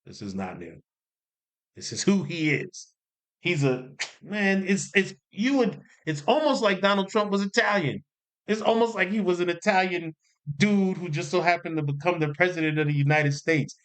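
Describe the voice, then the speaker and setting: A man's voice: sits high, moderate pace. Man giving casual spoken commentary. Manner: animated, repeats himself for emphasis, jokey asides. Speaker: commentary YouTuber. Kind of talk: casual talking-head commentary.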